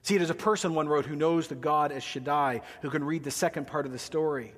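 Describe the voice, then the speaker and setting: Male pastor, sermon, fairly high voice, joking asides, long church-hall reverb. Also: quick pace.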